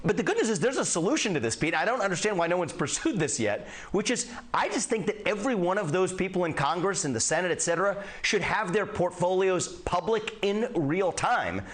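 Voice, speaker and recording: A man being interviewed on a news show, explaining his view in an earnest, measured way. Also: high voice, expressive. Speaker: interview guest.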